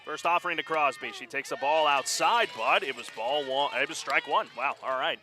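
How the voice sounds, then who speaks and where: A man calling a high school softball game play-by-play, getting quick and excited during close plays. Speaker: play-by-play announcer. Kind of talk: live sports commentary.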